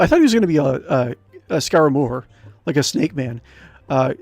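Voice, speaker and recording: A man's voice: mid-range voice, big pitch swings, brisk, a little mellow, no room sound. A man streaming a text adventure game, reading the game text aloud and chatting in a rambling way. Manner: rambling, chatty, many fillers and restarts.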